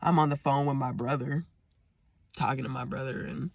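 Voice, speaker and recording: A woman vlogger casually telling a personal story to her viewers, acting out the dialogue with lively energy. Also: rumbling low, normal speed, gravelly, no echo. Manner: animated, lively retelling with quoted dialogue; talks straight to viewers.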